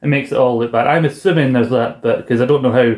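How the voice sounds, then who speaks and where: A man's voice: medium pitch, fast, a little mellow. A man co-hosting a casual review chat, rambling through the plot and acting out quoted lines. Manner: rambling, acts out quotes from scenes. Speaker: podcast co-host. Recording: echoey room.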